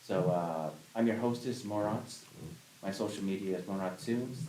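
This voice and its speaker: A man hosting a casual group podcast about pitching shows, hesitant and full of fillers. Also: moderate pace, dark tone, recorded from a distance. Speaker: podcast host. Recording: echoey room, faint hiss.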